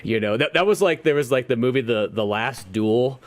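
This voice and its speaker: A man co-hosting a podcast in casual chat, rambling and swearing, with loud animated retellings. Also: mid-range voice, brisk. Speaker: podcast co-host.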